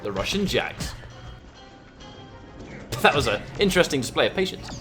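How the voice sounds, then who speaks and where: Brief: male esports caster, animated delivery, music under him. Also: on the high side, normal speed. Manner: excitable, breaks into loud shouts at big moments. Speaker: esports commentator. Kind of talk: live fighting game commentary.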